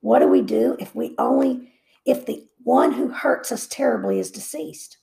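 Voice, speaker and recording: A woman's voice: on the high side, moderate pace, vocal fry, dark tone. A woman reading a Christian devotional book aloud, stopping for brief comments and repeating phrases for emphasis.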